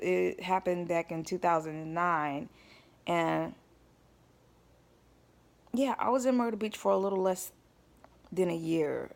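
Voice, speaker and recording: A woman vlogger telling a personal story in a rambling, casual way, often stopping to check in with her listeners. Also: on the low side. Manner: rambling, checks in with listeners, addresses them as y'all.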